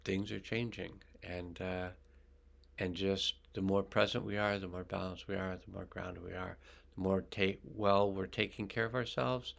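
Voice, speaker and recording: Older man, energy healer, guided healing meditation, deep voice, steady flat delivery, slow and soothing. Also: vocal fry. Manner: slow, calm, soothing, with pauses.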